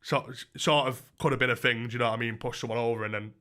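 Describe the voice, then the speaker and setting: A young man tells a rambling story to his livestream chat. His voice is bright and forceful, and he swears casually as he goes. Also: mid-range voice, fairly even intonation, fast talker.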